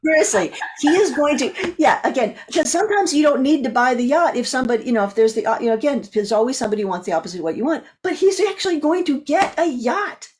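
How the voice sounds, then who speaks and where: A woman's voice: sits high, quick pace, hardly any pauses. A woman guest on an interview show, telling a long story. Her voice swoops widely as she acts out each person in it. She talks freely, with a coach's ease. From California. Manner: animated storyteller acting out voices.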